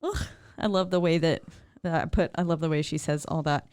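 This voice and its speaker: A woman's voice: low voice, steady tone, a little fast, a little mellow, clear, resonant tone, no room sound, clean studio sound. A woman co-hosting a podcast, chatting casually and enthusiastically, swearing freely and acting out quotes. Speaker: podcast co-host. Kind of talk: casual chat recapping a film.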